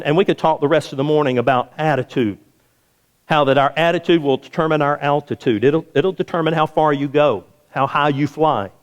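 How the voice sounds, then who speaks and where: A man, preaching a sermon as pastor, telling stories in a folksy way and repeating phrases. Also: a little high. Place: church sanctuary. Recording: long hall reverb.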